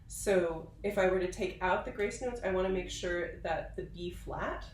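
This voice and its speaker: A woman viola professor giving a patient, explanatory instrumental tutorial, pausing now and then with fillers. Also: lowish voice, reverberant, far from the mic, faint music behind, poor audio. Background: viola playing.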